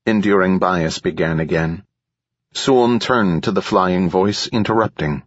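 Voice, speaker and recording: A man narrating a science fiction audiobook in a steady, measured reading. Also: low-pitched, breathy edge, no echo. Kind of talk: scripted narration. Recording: slightly dull lo-fi recording.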